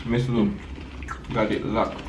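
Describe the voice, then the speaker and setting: Laid-back Jamaican man, quietly trailing off. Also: lowish voice, little pitch movement, slow. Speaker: guest. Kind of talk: casual chat over food. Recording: roomy, from a distance, faint noise.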